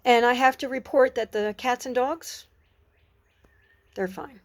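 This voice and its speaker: A middle-aged woman talking earnestly and reflectively about her faith in a personal vlog, pausing and restarting her sentences, outdoors on a porch. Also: on the high side. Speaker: Christian vlogger. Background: birds and dogs outside.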